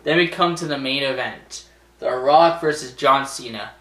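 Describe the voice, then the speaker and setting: A man's voice: mid-range voice, moderate pace, a bit bright, roomy sound. A man vlogging casually, rambling and sarcastic, swearing and laughing at his own jokes. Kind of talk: casual commentary vlog.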